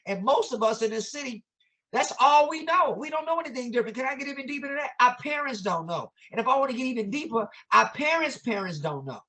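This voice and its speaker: A man's voice: very high-pitched, animated, fast talker, pushed and bright. Man, educator, impassioned, preacher-like cadence, rhetorical questions, casual vernacular. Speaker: educator guest. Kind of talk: impassioned conversational teaching.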